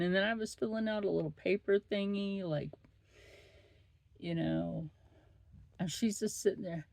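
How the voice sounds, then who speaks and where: A woman's voice: mid-range voice, steady tone, unhurried, gravelly, pauses often, a little mellow, no echo. A middle-aged woman hosting a vlog, chatting bluntly and swearing freely. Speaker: vlog host. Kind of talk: casual chat.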